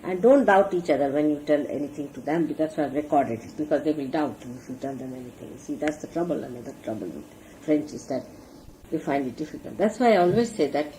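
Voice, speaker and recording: Earnest woman teacher with a lively voice. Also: deep voice, fast talker, low-quality recording. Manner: earnest, instructive, demonstrates with gestures. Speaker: spiritual teacher. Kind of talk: sermon to followers. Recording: archival talk recording with faint hiss.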